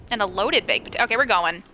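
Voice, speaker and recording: A woman's voice: mid-range voice, pushed and bright, slight background noise. A young woman live-streaming a horror game, chatting with viewers and shrieking at scares. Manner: screams and laughs at jump scares, chats with viewers.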